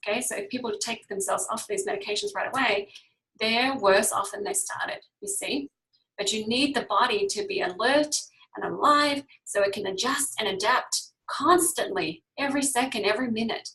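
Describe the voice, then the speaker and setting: Woman health teacher, bright sharp tone, casual explainer who keeps checking in with listeners. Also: fairly high pitch, normal speed, low-quality recording. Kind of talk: casual online class.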